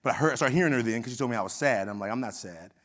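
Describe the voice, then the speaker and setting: Delivering a keynote on a conference hall stage, a middle-aged man with an Oakland, California accent races through a personal story in a medium-pitched, slightly bright voice. He keeps it conversational and acts out the dialogue he quotes.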